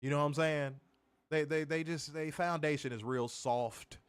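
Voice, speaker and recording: A man's voice: fairly high pitch, normal speed, clean tone. A man co-hosting a wrestling review show, reading comments and ranting casually with plenty of profanity. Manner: animated, profane, laughing rants.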